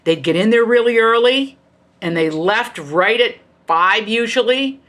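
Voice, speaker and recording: A woman's voice: a little high, expressive, measured pace, fairly bright tone. A middle-aged woman from the United States, an author being interviewed, telling family stories in a passionate, emphatic way. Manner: passionate, emphatic, jumps into quoted voices. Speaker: author and guest. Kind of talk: animated conversational storytelling.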